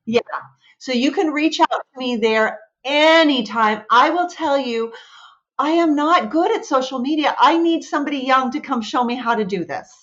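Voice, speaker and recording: A middle-aged American woman, a speech pathologist guest, telling stories in an animated, chatty way. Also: high voice, moderate pace, muffled recording. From United States. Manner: animated storyteller. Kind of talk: casual interview chat.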